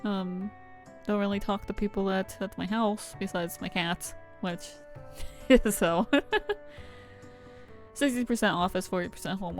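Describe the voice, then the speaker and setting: A young woman chats her way through a game stream in a casual, rambling manner, leaning on "like" as she talks. Her voice sits at an ordinary middle pitch. Soft game music plays faintly underneath. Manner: rambling, chatty, heavy use of "like". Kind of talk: casual gameplay commentary.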